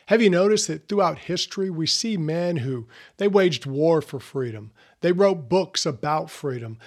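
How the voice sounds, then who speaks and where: Guy doing a podcast, earnest and chatty, a bit high pitched. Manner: earnest, conversational, with fillers and restarts. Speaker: podcast host. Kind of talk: motivational podcast talk.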